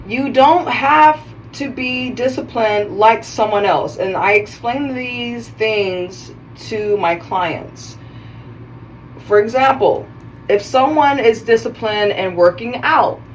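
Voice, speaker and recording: A woman's voice: on the high side, recorded from a distance, rough recording. A woman hosting a casual self-care video, chatting while she styles her hair and often stopping to correct herself mid-sentence. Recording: voice a bit off-mic, faint background noise.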